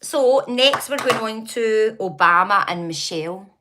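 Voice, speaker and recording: A woman's voice: on the high side, animated, measured pace, sharp tone, slight background noise. A Scottish woman hosting a casual livestream, chatting and gossiping with viewers, greeting them by name and laughing often. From Scotland. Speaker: livestream host reading comments. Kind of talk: casual live chat.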